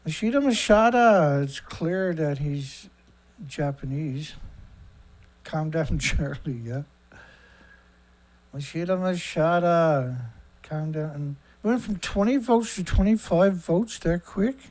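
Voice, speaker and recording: Middle-aged man host, slightly high voice, casual rambling livestream talk, blunt and profane. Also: slow, mellow. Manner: rambling with frequent fillers and asides. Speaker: host of a daily news livestream.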